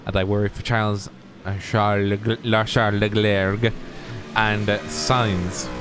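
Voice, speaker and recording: A man's voice: fairly low pitch, flat delivery, measured pace, over music. A man co-commentating a sim racing stream, opinionated and jokey. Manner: opinionated, jokey, laughs at crashes. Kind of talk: live race commentary chat.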